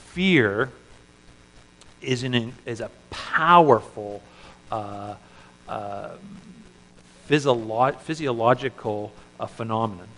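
A man preaching a sermon as a pastor, earnest, with frequent restarts, swinging between loud emphasis and hushed asides. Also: mid-range voice, slow, pauses often, in a large hall, low-quality recording.

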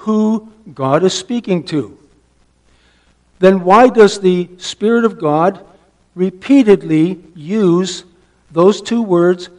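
A man preaching a sermon, emphatic, asking rhetorical questions and dropping to a hush for stress. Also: high-pitched. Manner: asks the listeners rhetorical questions.

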